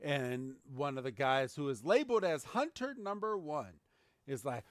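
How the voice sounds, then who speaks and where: With a mid-range voice at a moderate pace, a man co-hosting a podcast casually retells a cartoon episode in an animated way, acting out the quotes. There's no room sound.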